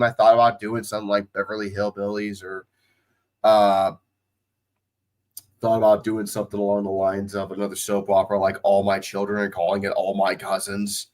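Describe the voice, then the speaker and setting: A man's voice: on the low side, fairly even intonation, normal speed. Casual man calling plays with slight drawl. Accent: slight Southwest Ohio drawl. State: recovering from a cold. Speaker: streamer doing watch-along play-by-play. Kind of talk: casual play-by-play commentary and chat.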